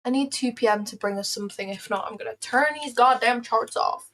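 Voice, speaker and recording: Chatty British woman, slightly high voice. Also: brisk, fairly bright tone. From Britain. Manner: chatty, self-deprecating, repeats phrases, breaks into playful singing. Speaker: livestreaming day trader. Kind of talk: casual live-stream chat.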